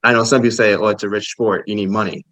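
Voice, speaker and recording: A man's voice: on the low side, steady tone, fast talker, a bit bright, dry recording. A man co-hosting a casual podcast, asking long, meandering questions. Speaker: podcast co-host.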